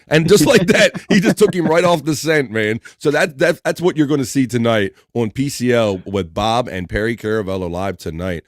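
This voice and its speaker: A man's voice: mid-range voice, a little fast, hardly any pauses, dry recording, studio quality. A man hosting a live stream in a rambling, laid-back way, chatting casually and chuckling as he goes. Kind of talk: casual chat.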